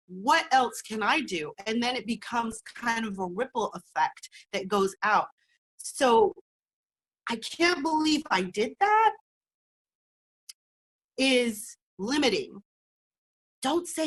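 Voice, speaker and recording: A woman's voice: on the high side, a bit bright, slightly rough. A middle-aged woman, a guest on an interview show, speaking earnestly and encouragingly and repeating phrases for emphasis. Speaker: guest, cancer survivor and speaker.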